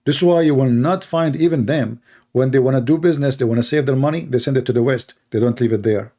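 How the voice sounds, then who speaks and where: A man's voice: mid-range voice, fast, warm tone. A man, talking in a casual, emphatic monologue and telling stories with lots of repetition. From Middle East. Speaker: online commentator.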